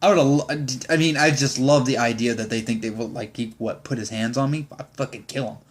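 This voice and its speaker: A man's voice: mid-range voice, steady tone, a little fast. A young man, a Marine sergeant, ranting in a vlog with exasperated, profane, rambling talk.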